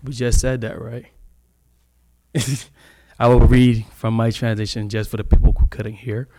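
A man's voice: medium pitch, level tone, unhurried, dark tone. A man preaching a sermon in a church, talking in a loose conversational way, laughing often and stretching out the words he wants to stress.

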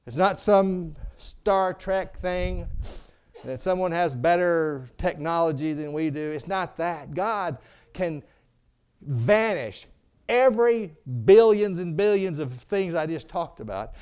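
Middle-aged guy preaching, fairly high voice that jumps all over, goes loud then quiet, asks amen?. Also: clean tone. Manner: preaching with call-and-response, asking "Amen?"; swings from booming to hushed. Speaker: pastor. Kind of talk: sermon.

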